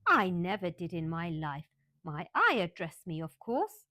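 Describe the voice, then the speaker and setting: A woman's voice: fairly low pitch, big pitch swings, measured pace, sharp tone, dry recording, clean studio sound, exaggerated voice. A woman voicing a haughty, spoiled little girl who speaks imperiously and flares into indignation, in a storybook reading. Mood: indignant.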